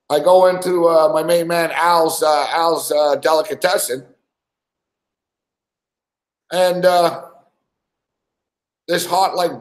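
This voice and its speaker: A man rambling through a crude story, swearing constantly and stuffing his sentences with fillers. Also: on the high side. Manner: rambling, profane, lots of "like" and "fucking". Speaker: podcast host. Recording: echoey room.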